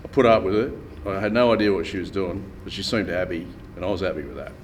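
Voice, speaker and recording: A middle-aged man tells a personal testimony with dry humour and slips into the voices of the people he quotes. His voice sits fairly low. He is a little off-mic, with a faint hum of room noise behind him. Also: fast, far from the mic. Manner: laconic, wry, acts out the people he quotes. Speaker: church member giving testimony. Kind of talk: storytelling testimony. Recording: room ambience, voice a bit off-mic.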